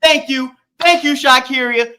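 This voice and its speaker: A livestream host arguing loudly in a profane, combative way and talking over the other person on a stream mic. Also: sits high, measured pace, slight background noise. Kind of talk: heated online debate.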